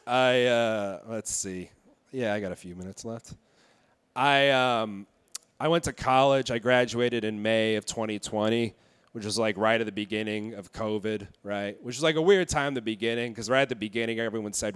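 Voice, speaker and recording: A young man in his twenties doing a stand-up set in a comedy club, delivering dark jokes in a deadpan way with halting fillers. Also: lowish voice, smooth. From Indiana.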